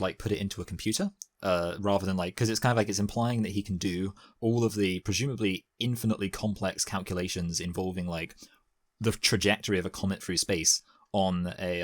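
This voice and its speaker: A man's voice: deep voice, no echo. A man co-hosting a movie review podcast in casual chat, rambling loosely with lots of filler words.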